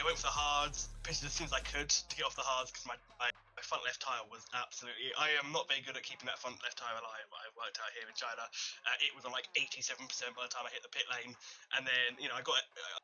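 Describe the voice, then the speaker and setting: Fast-talking bright British male driver. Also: mid-range voice, low-quality recording. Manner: fast, rambling, good-humoured race recap. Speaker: sim racing driver being interviewed. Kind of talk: casual post-race interview.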